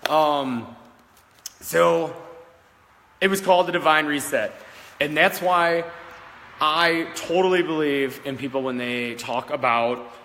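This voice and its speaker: A man's voice: mid-range voice, fairly bright tone, big-room sound, a little hiss or hum. A man in his thirties, a psychic medium, telling a personal story in a rambling, candid, casual way, often checking in with "all right?" and swearing now and then. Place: old country schoolhouse, indoors.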